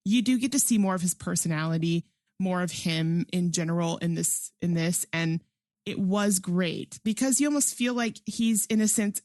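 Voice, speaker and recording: A woman's voice: mid-range voice, a little mellow, no echo, clean studio sound. A woman co-hosting a podcast, chatting enthusiastically in a casual movie review, full of "like" and frequent laughs. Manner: enthusiastic, chatty, heavy use of "like"; laughs often while talking. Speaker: podcast co-host.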